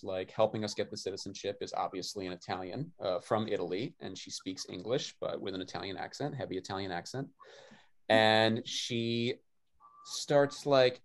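A man hosting a casual video chat, telling quick animated anecdotes. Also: lowish voice. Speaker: host. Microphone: video call mic.

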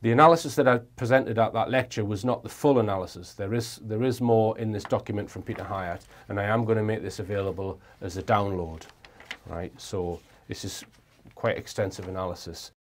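A man's voice: on the low side, steady tone, a little fast, slight background noise. A man presenting informally as a lecturer, repeating words as he goes.

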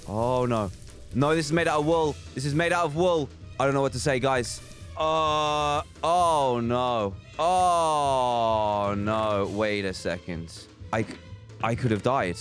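A young man giving casual, animated commentary while playing a video game. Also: mid-range voice, a little slow, faint music behind. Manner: animated, swings into panicked exclamations. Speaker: gaming YouTuber. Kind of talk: casual let's-play commentary.

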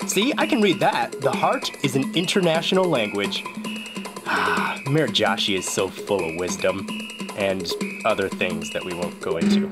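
A host giving casual, jokey commentary on a game they are playing, with playful and excitable outbursts. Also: deep voice, normal speed. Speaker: gameplay video journal host. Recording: game music clearly behind the voice.

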